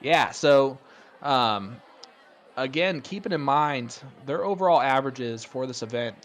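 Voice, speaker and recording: A man doing casual play-by-play darts commentary, chatty and rambling, getting excited on big throws. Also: medium pitch, unhurried.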